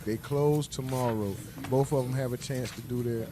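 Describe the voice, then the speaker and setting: A man giving casual live commentary on a court case, ranting in a profane, slangy, animated way. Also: mid-range voice, normal speed, background noise. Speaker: livestream commentator.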